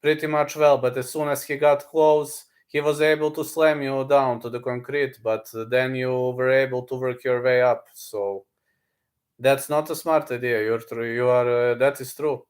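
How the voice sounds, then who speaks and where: A man's voice: medium pitch, little pitch movement, moderate pace. A man streaming live, chatting casually with viewers and repeating blunt fight advice. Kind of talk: casual livestream chat.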